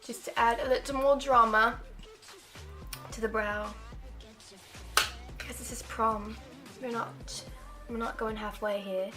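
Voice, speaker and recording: A woman's voice: fairly high pitch, steady tone, unhurried, pauses often, pushed and bright, soft background music. An eighteen-year-old woman talking through a casual makeup tutorial, chatty and rambling with lots of "like" fillers. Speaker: makeup vlogger.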